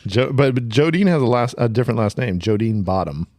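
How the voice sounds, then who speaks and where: A man co-hosting a podcast in casual chat, relaxed and trailing off, swearing now and then. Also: medium pitch, brisk, dry recording. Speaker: podcast co-host.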